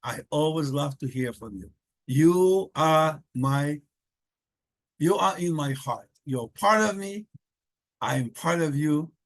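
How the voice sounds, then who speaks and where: A man's voice: fairly high pitch, expressive, normal speed, fairly bright tone. An older man from Israel, a grandfather recording a tender, rambling home video message for his grandchildren. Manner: tender, affectionate, rambling with restarts.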